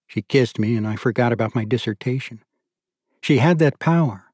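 Male narrator, mid-pitched, measured audiobook reading with a dry, close sound. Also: breathy edge, no echo. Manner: measured, steady storytelling.

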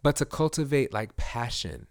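This medium-pitched male voice moves at a moderate pace, recorded dry with clean studio sound. He's a podcast co-host in a casual chat, meandering along and filling his talk with lots of fillers.

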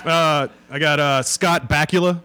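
A man guesting on a live comedy podcast, reading joke wrestler names in a deadpan way. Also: a little high, a little slow, heavy background noise. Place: live show in front of an audience.

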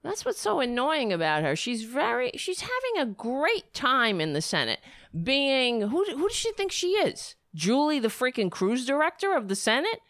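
A woman's voice: sits high, huge pitch swings, moderate pace, a bit bright, no room sound, clean studio sound. A woman hosting a political commentary livestream, sarcastic and rambling, breaking into mocking impressions. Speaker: livestream host.

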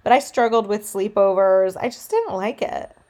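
A woman's voice: mid-range voice, normal speed, darkish tone. Enthusiastic woman with a Michigan accent. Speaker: podcast co-host. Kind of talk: casual chat.

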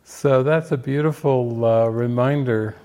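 An older man giving spiritual commentary on a film, unhurried and reflective, with frequent fillers and restarts. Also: mid-range voice, a little mellow.

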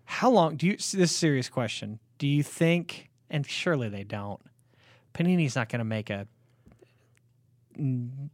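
A man's voice: medium pitch, lively intonation, normal speed, pauses often, no room sound, clean studio sound. A man co-hosting a sports podcast in casual chat, rambling with lots of fillers in an easygoing way. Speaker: podcast co-host.

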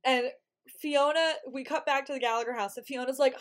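Brisk and high-pitched, a podcast co-host recaps a TV episode in a casual way. She stays animated throughout, acting out the characters' lines as she recounts events.

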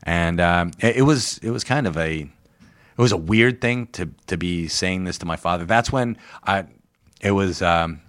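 Deep-voiced middle-aged man telling stories. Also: normal speed, fairly bright tone, no echo. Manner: storytelling, laughs and swears, acts out quotes. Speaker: podcast host. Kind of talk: casual chat.

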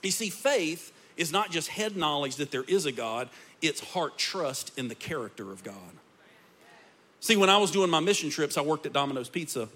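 Bright high-voiced preacher. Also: male voice, big pitch swings, normal speed. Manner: preaching with rising intensity. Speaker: pastor. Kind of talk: sermon.

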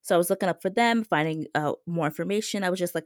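Chatty young woman with a low voice. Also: quick pace, vocal fry, hardly any pauses, no room sound, clean studio sound. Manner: chatty, heavy use of "like", animated when retelling others. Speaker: podcast host. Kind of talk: casual personal storytelling.

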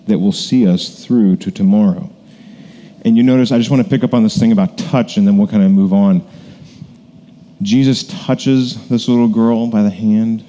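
A man's voice: lowish voice, mellow, lo-fi sound. A man, a pastor, preaching a casual, conversational sermon full of asides and fillers.

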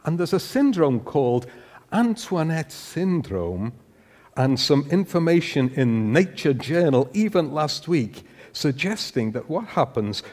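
A man's voice: medium pitch, darkish tone. An older man giving a humorous sermon, putting questions to the congregation in a church. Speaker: preacher. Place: church hall. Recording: long hall reverb.

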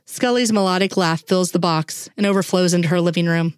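Low-voiced woman reading a story aloud. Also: fairly even intonation, brisk, few pauses, dry recording, studio quality. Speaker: reader. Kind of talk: reading fan fiction aloud.

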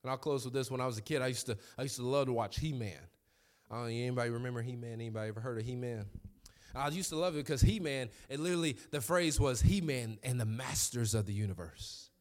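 A man in his thirties preaching a sermon, telling stories with lively quoted voices. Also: mid-range voice, quick pace. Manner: animated storytelling with quoted voices. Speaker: pastor.

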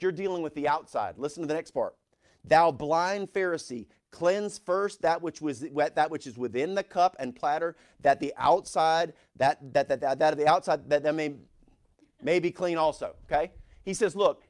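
Middle-aged man, pastor, animated sermon delivery, scripture read with force, fairly high voice. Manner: animated preaching, reads scripture aloud with rising force.

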